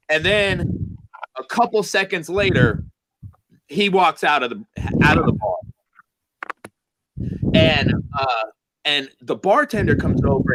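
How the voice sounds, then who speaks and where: A man's voice: a little high, low-quality recording. A man casually telling a long, rambling, profane story to friends on a comedy chat show. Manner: rambling, profane, animated retelling.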